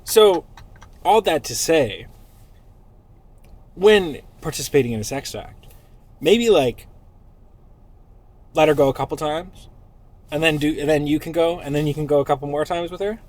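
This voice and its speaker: A man's voice: on the high side, normal speed, pauses often, darkish tone. A man hosting a casual podcast chat, crude and joking, often laughing. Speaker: podcast host.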